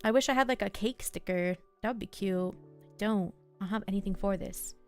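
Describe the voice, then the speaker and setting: Speaking briskly at a medium pitch, a young woman journals live and muses softly to herself and her chat, using many fillers. Soft background music runs underneath.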